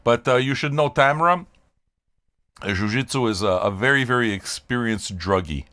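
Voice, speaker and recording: A man's voice: mid-range voice, lively intonation, moderate pace, sharp tone. An older man from Canada chatting loosely with his live-stream audience, rambling, swearing and joking. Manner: rambling, profane, joking with chat. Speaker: music reaction streamer. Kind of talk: casual live-stream chat.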